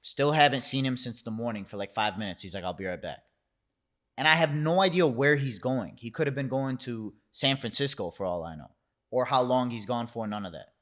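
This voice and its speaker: Young guy spinning a story on a podcast, curses a lot, mid-pitched voice, acts out the other people. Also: a little fast. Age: young adult. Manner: animated storyteller who curses freely and acts out quotes. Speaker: founder, podcast guest. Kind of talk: casual storytelling in a conversation.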